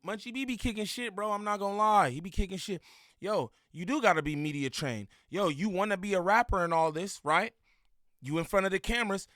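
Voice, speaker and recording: Man, high bright voice, blunt slangy reaction commentary, dry close sound. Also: dry recording.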